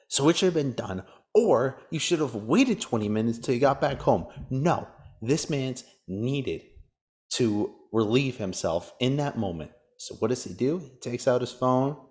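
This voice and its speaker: A man's voice: medium pitch, animated, a little slow. A man hosting a casual sports podcast, ranting and cracking crude jokes. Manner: crude, joking rants. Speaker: podcast host.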